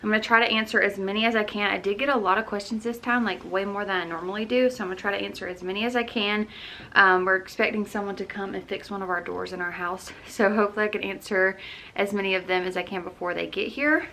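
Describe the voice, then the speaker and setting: A woman's voice: medium pitch, fairly even intonation, fast, bright, forceful tone, a little hiss or hum. A young woman chatting casually at home as a lifestyle vlogger, rambling with lots of "um" and "like" into her camera mic. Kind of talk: casual chat Q&A.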